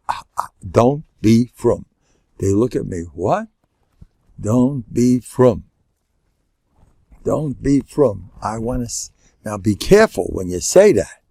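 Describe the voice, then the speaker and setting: A man's voice: medium pitch, gravelly, a little mellow, no room sound. An older man, a rabbi teaching a class, lecturing live to an audience in a joking way and sprinkling in Yiddish and Hebrew terms.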